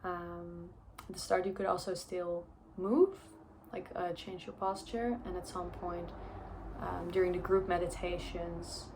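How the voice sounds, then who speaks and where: A woman's voice: lowish voice, fairly even intonation, measured pace, noisy background. A young woman telling a personal story in a chatty vlog, with lots of fillers and frequent laughs. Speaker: vlogger.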